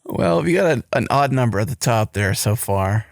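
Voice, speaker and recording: A man's voice: mid-range voice, animated, normal speed, vocal fry, no echo, clean studio sound. A man playing as a contestant on a podcast game show, joking and teasing the host. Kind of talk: casual game show chat.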